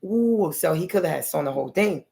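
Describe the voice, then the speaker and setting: Gravelly woman rambling through a personal story. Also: on the low side, expressive, fairly quick, warm tone. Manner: repeats okay and honey, casual and blunt. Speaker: vlogger.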